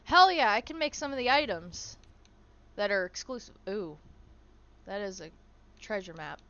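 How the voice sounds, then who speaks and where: Woman game streamer, crisp clear tone, casual swearing, chats to her pets. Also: mid-range voice, sing-song, moderate pace, a bit bright, dull audio. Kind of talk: casual gameplay commentary.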